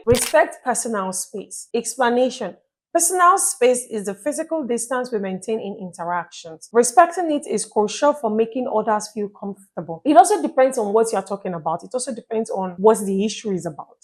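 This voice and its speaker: A woman giving relationship tips in a casual vlog, chatty and lively, often checking in with the listener. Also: a little high, normal speed. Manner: chatty, asks listeners "you get my point?"; acts out little scenes with playful quoted voices. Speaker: relationship advice vlogger.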